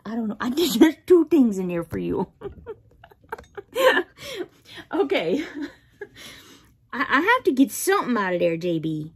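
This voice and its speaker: A woman's voice: on the high side, sing-song, measured pace, pauses often, husky. A woman hosting a casual unboxing video, cooing playfully at her cat and laughing often. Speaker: vlog host.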